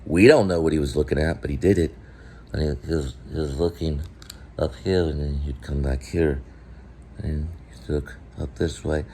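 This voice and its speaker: A man vlogging about acting technique, rambling and asking the viewer quick questions. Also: very deep voice, fairly even intonation, mellow, a little hiss or hum. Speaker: vlogger and actor teaching acting. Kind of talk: casual acting talk to camera.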